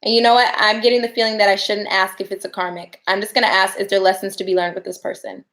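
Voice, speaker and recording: A woman's voice: mid-range voice, little pitch movement, quick pace, fairly bright tone. A woman giving casual live tarot readings, chatty and laughing often as she talks to viewers. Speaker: tarot reader.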